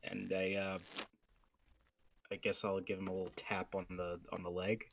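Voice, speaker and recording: A man's voice: low-pitched, monotone, normal speed, creaky. A man playing a tabletop game, hesitant and full of fillers, sometimes muttering under his breath. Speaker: player. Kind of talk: tabletop role-play.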